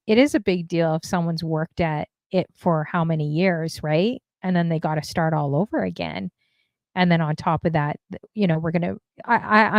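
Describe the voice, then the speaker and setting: A woman's voice: fairly low pitch, a little mellow, dry recording. A woman hosting a casual interview, talking in a chatty, rambling way with lots of fillers and some exasperation. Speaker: interview host and DJ streamer.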